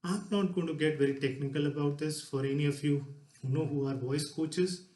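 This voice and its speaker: A man gives a lively public talk from a stage. His voice sits slightly higher than most men's. The hall around him echoes. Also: brisk. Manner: lively, demonstrative, shifts voice to show examples. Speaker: speaker giving a talk. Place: stage before a live audience.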